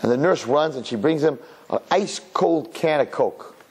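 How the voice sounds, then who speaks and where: A man preaching a sermon as a rabbi, telling stories in an animated way. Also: fairly high pitch, moderate pace, slight background noise. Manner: animated storyteller who acts out his characters.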